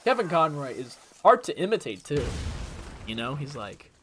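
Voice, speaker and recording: A man's voice: on the high side, big pitch swings, moderate pace, fairly bright tone. A young man streaming a video game, rambling casually and trying out voice impressions between moves. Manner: chatty, jumps between topics, tries voice impressions.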